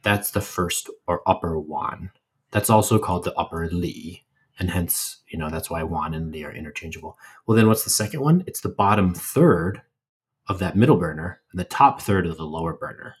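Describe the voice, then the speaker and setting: A man co-hosting a podcast, explaining things in a relaxed, casual way with playful asides. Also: low voice, normal speed, slightly rough. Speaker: podcast co-host. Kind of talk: casual educational chat.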